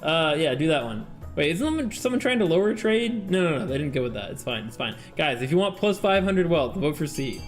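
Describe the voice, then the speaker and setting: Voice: mid-range voice, very animated, brisk, hardly any pauses, soft background music. A streamer chatting casually with viewers during a game, laughing often and reading game text aloud. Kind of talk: casual live-stream gameplay chat.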